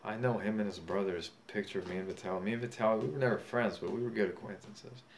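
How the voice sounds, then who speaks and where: A man's voice: lowish voice, steady tone, fast, gravelly. A young man, boasting and rambling in a profane, drunken monologue. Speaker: self-styled boxing champion vlogger. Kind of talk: casual monologue. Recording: faint background noise.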